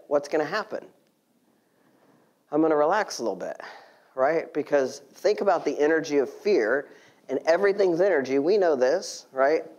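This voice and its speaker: Man, church sermon, chatty, laughs, drops to near-whisper. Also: fairly high pitch. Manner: conversational, laughing, dropping to a hushed near-whisper. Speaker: guest speaker at church.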